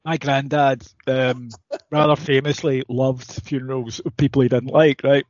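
A Scottish man co-hosting a podcast, telling a swearing, animated anecdote and laughing through it. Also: mid-range voice, unhurried, no room sound, dull audio. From Scotland. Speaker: podcast co-host. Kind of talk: casual storytelling chat.

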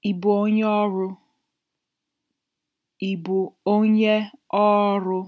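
A woman teaching phrases in a slow, careful lesson, repeating each one and then translating it, sometimes dropping to a soft whisper. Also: medium pitch, flat delivery. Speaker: language teacher.

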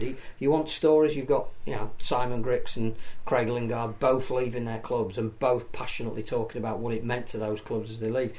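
A man's voice: medium pitch, flat delivery, moderate pace, few pauses, darkish tone. Rambling man talking sport. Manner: rambling, many restarts and repeated words. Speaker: podcast co-host. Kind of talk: casual sports discussion.

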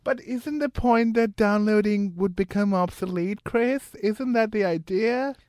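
A man's voice: high-pitched, a little slow, darkish tone, dry recording, studio quality. A man in a casual film chat, playful and teasing.

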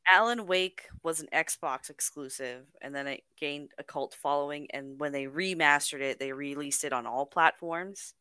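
A woman co-hosting a podcast, talking in a relaxed, conversational way with filler words. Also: low voice, moderate pace, hardly any pauses, clear, resonant tone, no echo. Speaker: podcast co-host. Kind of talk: casual chat.

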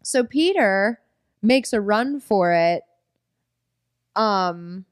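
A woman co-hosting a podcast, recapping a film casually with jokes, swearing and lively reactions. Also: mid-range voice, very slow, smooth, no room sound, studio quality. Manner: playful, jokey, swears, reacts with gasps and exclamations. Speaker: podcast co-host.

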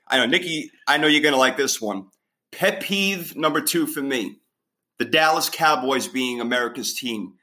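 Bright-voiced man hosting a sports chat. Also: medium pitch, lively intonation. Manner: emphatic, ranting, quick to laugh. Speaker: podcast host.

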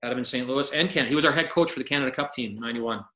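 A man's voice: medium pitch, racing, pushed and bright, echoey room, low-quality recording. A man, a former hockey player, telling stories in casual talk, acting out quotes and laughing often. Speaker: podcast guest, retired hockey player. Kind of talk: casual storytelling.

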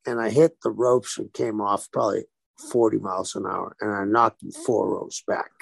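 A man's voice: fairly low pitch, normal speed, gravelly, slightly rough, no room sound. A man, a former pro wrestler, telling stories in a casual interview and acting out the dialogue as he goes. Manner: animated storyteller who acts out quoted dialogue.

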